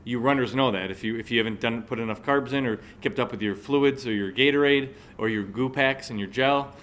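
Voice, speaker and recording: A man in his forties, working as a motivational speaker, shares a personal story with a live audience and frequently checks in with them. He talks briskly in a mid-range, fairly bright voice, and a little hiss or hum can be heard.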